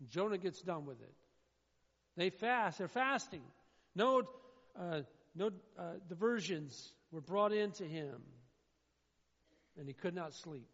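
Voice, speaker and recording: A man preaching a sermon, swinging between loud, emphatic declaiming and quieter asides. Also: high-pitched, expressive, takes it slowly, pauses often. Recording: dull sound in a reverberant hall.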